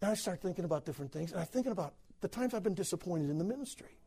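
A man's voice: sits high, lively intonation, rapid-fire, gravelly, dark tone, breathy edge. American pastor guy preaching a story, voice swoops up and down a lot, keeps restarting his words. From United States.

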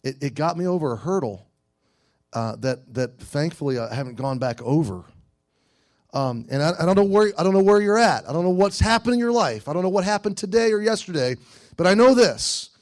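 A middle-aged man preaching a sermon to teenagers, earnest, swinging between loud exhortation and hushed storytelling. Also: a little high, lively intonation, a little fast. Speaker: youth pastor.

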